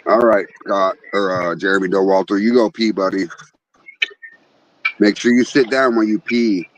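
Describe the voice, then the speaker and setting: A man's voice: on the low side, steady tone, moderate pace. A man hosting a casual livestream chat, joking and cursing as he reads out names from the chat. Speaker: podcast host. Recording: muffled with clear background noise.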